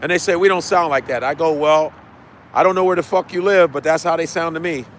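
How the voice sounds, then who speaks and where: A man's voice: fairly high pitch, steady tone, a little fast, slight background noise. A man hosting his own livestream as a comedian, chatting loosely with viewers, swearing and repeating lines for emphasis. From United States. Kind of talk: casual chat with viewers.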